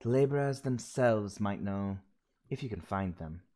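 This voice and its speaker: A man's voice: lowish voice, expressive, normal speed, a little mellow, natural voice. A man voicing a stern, anxious older woman professor while reading game dialogue aloud. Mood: insistent.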